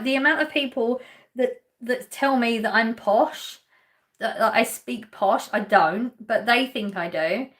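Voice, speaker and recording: A woman with an Essex English accent, from Essex in England, chats casually on a live stream, reading viewer comments and responding to them. Her voice is a little high and fairly bright. Lightly laughing and chatty, she answers questions from the chat straight out.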